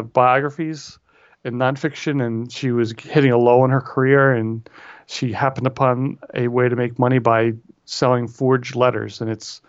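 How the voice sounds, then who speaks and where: A man's voice: mid-range voice, no echo. A man co-hosting a casual podcast chat, rambling and correcting himself with wry asides. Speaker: podcast co-host. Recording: dull lo-fi audio.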